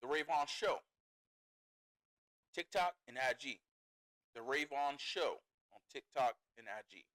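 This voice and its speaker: A man's voice: mid-range voice, animated, a little slow, pauses often, fairly bright tone, poor audio. A man hosting a casual talk podcast, blunt and laughing, swearing freely as he wraps up the show. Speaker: podcast host. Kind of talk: casual chat.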